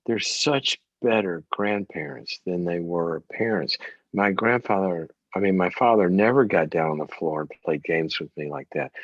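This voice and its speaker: An animated man hosting a call-in advice show. His voice swings widely as he leans on words and repeats them for emphasis. The sound is dry and a little dull. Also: low-pitched, dry recording. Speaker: host.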